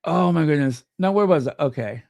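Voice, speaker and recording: A man hosting a casual livestream, chatty and excitable, talking to himself as he goes. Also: fairly high pitch, fairly quick, vocal fry, dry recording. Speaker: livestream host.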